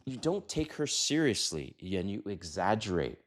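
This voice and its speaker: Man, fifties, dating advice host, brash, swearing, low voice, lively pitch swings. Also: moderate pace. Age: 50s. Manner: brash, emphatic, swears, mimics quoted lines in a higher voice. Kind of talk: casual talking-head advice monologue.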